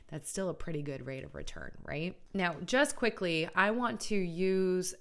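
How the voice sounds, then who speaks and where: Earnest middle-aged woman host with a low voice, chatty educational delivery. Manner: earnest, conversational, often adds "right?". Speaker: college funding educator and channel host. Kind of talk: casual educational video talk.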